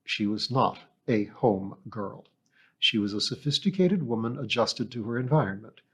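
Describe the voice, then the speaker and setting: Steady man reading an audiobook. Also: lowish voice, breathy edge. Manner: steady, measured storytelling. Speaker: audiobook reader. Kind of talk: scripted audiobook narration.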